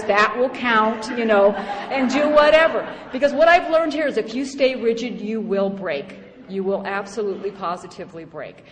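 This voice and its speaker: A middle-aged woman shares her story in an animated, joking testimony and acts out the voices of other people. Her voice sits at an ordinary pitch. It echoes through a large hall, and a faint noise sits underneath. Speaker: speaker sharing her story at a recovery meeting. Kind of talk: personal testimony talk.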